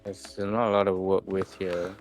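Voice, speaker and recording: A man's voice: low voice, level tone, moderate pace, faint music behind. A man acting as game master in a casual tabletop session, musing aloud and humming filler syllables as he thinks.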